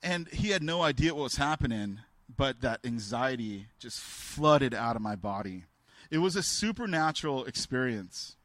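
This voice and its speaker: A man preaches by recounting personal stories, talking candidly yet haltingly with many restarts and raising his voice to portray the figures in them. He speaks at medium pitch, expressively and a bit brightly, with no room sound.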